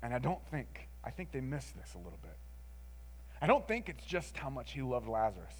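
A man preaching a sermon in an expressive, conversational way, moving between emphatic lines and hushed ones and often adding "like" and "right?". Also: mid-range voice, brisk.

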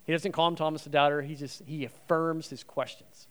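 Male guest preacher, lightly raised pitch, dynamic sermon delivery with loud and hushed moments. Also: normal speed, hardly any pauses. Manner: animated, swinging between loud emphasis and soft near-whispers.

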